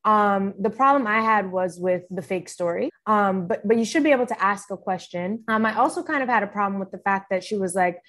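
A woman's voice: mid-range voice, fairly quick, few pauses, a bit bright. A woman co-hosting a podcast in casual chat, candid and talkative. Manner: candid, chatty, reads out posts. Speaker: podcast co-host.

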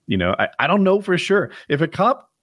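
A man's voice: high voice, very animated, brisk, a bit bright, no echo, studio quality. A man chatting casually on a podcast, thinking aloud and laughing easily. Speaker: podcast co-host. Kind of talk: casual chat.

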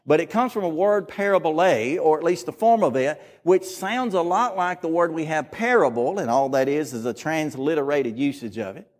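A man preaching a sermon in a Southern US accent, his voice pitched fairly high for a man. He delivers it in an earnest, emphatic way. He leans on his key phrases and says them again.

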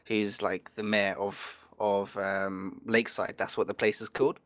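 A man's voice: fairly low pitch, little pitch movement, unhurried, fairly bright tone. A man co-hosting a casual gaming chat, rambling with lots of fillers and restarts. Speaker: podcast co-host.

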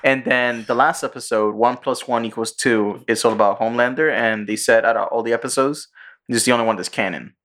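A man's voice: medium pitch, a little fast, a bit bright. A man hosting a podcast in a casual chat, retelling a show with swearing and putting on voices for its characters. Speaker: podcast host.

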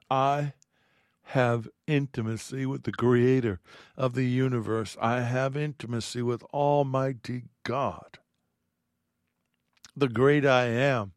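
A man teaches from the Bible in an earnest, heartfelt way, reading scripture aloud between his own thoughts. His voice sits at an ordinary middle pitch. The recording is close and dry, with no room sound. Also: no echo.

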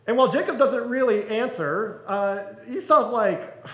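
High-voiced pastor telling a story. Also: male voice, moderate pace. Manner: humorous, animated retelling with acted-out quotes. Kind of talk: storytelling sermon. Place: church hall. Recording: echoey room.

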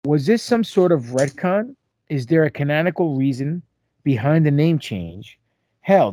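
A man's voice: a little high, warm tone, no room sound, studio quality. A man co-hosting a casual podcast, joking around and reading listener emails aloud. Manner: playful, sings and jokes, reads aloud with asides. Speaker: podcast co-host.

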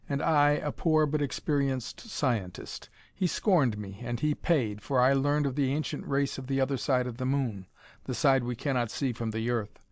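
A man's voice: medium pitch, darkish tone, no echo, natural voice. A man voicing a cruel, mad old emperor who gloats and threatens, in a dry recording. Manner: gloating, menacing.

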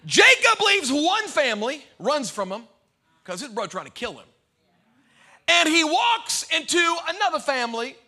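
A man preaching a sermon as pastor to a congregation, animated and humorous, swinging between loud outbursts and quiet asides. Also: very high-pitched. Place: church before a live congregation.

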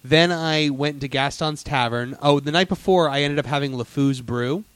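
A man's voice: fairly high pitch, moderate pace, fairly bright tone, clean tone, no echo. A man hosting a casual theme-park chat, telling stories eagerly with many fillers and restarts. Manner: enthusiastic storyteller, lots of fillers and restarts.

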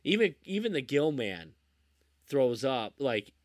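A man's voice: medium pitch, sing-song, measured pace, no echo. A man hosting a casual podcast, talking enthusiastically about movies with many restarts. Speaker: podcast host.

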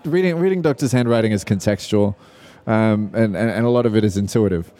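A man's voice: fairly low pitch, a little fast, warm tone. An Australian man hosting a live podcast panel, talking in a hesitant way with many fillers. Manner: hesitant, lots of ums and restarts. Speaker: podcast host. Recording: live show at a pen expo, audience.

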